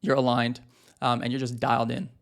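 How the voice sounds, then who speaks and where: A man's voice: mid-range voice, monotone, fairly quick, creaky. A man in his thirties, a marriage coach, giving a direct and emphatic talk to husbands with frequent fillers.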